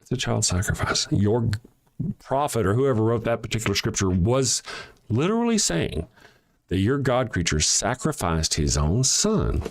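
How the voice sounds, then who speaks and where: A man hosting a show, delivering a mocking, sarcastic monologue that swings between loud jabs and quiet asides. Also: on the low side, big pitch swings, normal speed. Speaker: show host. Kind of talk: ranting monologue.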